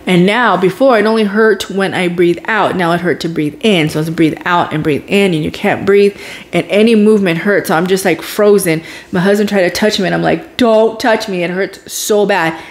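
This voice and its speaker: Lowish-voiced woman telling a dramatic story. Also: a little fast. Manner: animated, dramatic retelling with whispered asides. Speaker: vlogger. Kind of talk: casual storytelling vlog.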